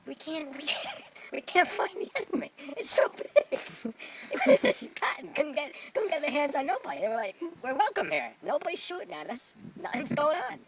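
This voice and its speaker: A man's voice: very high-pitched, sing-song, brisk, far from the mic, crowd noise, full character voice, low-quality recording. A man in character as a grandiose self-proclaimed real Mexican, lecturing and boasting in a rambling improvised comedy monologue outdoors among trees. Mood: storytelling. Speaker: vlogger in character.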